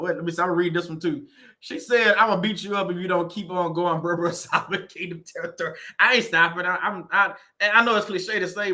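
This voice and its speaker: A Southern US man speaks in a fairly high, bright voice, rattling along quickly. He gives a casual, faith-based motivational vlog talk. He is chatty and repetitive and laughs often. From Southern United States. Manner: chatty, repetitive, laughing often, says "you know what I'm saying". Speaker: faith-based YouTuber and real estate agent.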